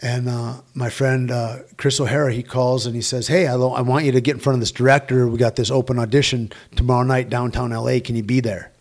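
A man's voice: mid-range voice, level tone, fast, hardly any pauses, a little mellow. A man who works as a stunt performer, telling rambling, profane anecdotes with quoted dialogue in a casual interview.

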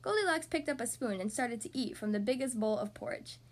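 A woman hosting a podcast, reading a storybook aloud to young children in an expressive, animated way. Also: a little high, brisk.

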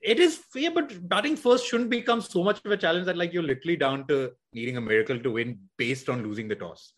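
A man's voice: on the high side, fast talker, fairly bright tone. A man co-hosting a podcast in casual cricket chat, rambling with many restarts and hedges. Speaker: podcast co-host.

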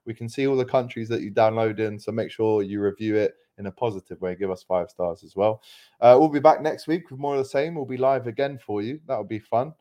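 A man's voice: on the low side, fairly quick, dark tone. A man with a Scouse accent from Liverpool, hosting a live football podcast in upbeat, chatty talk and reading out viewer comments. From Liverpool, England. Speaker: podcast host.

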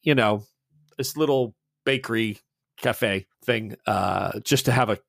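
A man's voice: fairly low pitch, unhurried, vocal fry, fairly bright tone, dry recording. A man running a tabletop role-playing game, narrating casually with chuckling asides. His voice sits in a dry, close recording. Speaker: game master.

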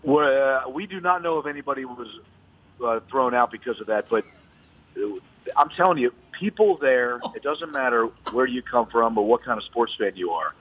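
A man calls in over a thin, tinny phone line, his voice slightly husky. He tells his stories with animated energy, speeding up and slowing down as he goes. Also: medium pitch. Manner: animated storyteller. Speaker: golf reporter phoning in. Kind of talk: casual radio chat. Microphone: telephone.

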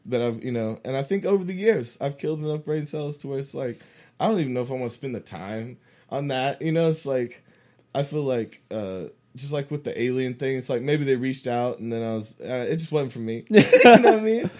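Man, podcast co-host, casual chat, rambling, profane, laughs often, lively pitch, mid voice. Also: brisk.

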